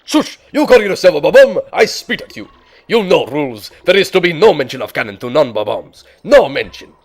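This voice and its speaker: A stern, secretive old creature mayor, as a man reads him aloud during a game playthrough. He scolds in short, clipped lines. The voice runs high and jumps around a lot. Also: very animated, a little fast. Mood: scolding.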